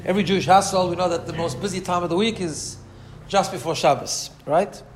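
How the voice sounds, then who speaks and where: A man's voice: sits high, fast, reverberant, a little hiss or hum. Man giving a chatty Torah class. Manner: conversational, keeps asking "right?", acts out quoted voices. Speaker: rabbi teaching a class. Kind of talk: Torah lecture.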